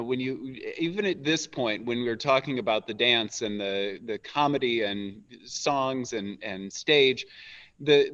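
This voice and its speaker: Brief: male interviewer, halting and thoughtful, on slightly dull lo-fi audio. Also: medium pitch, a bit bright. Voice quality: hesitant, restarting phrasing. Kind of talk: conversational interview questions.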